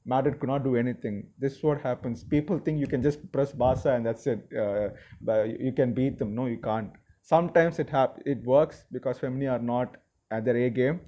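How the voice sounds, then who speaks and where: A man giving a casual, opinionated review of a football match, excitable and mocking toward rivals. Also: mid-range voice, normal speed. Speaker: football vlogger.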